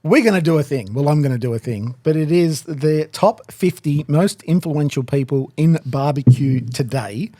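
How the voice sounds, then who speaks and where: A man's voice: fairly high pitch, normal speed, few pauses, mellow, dry recording, clean studio sound. A man co-hosting a barbecue show in casual banter, upbeat and swearing freely. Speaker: podcast co-host.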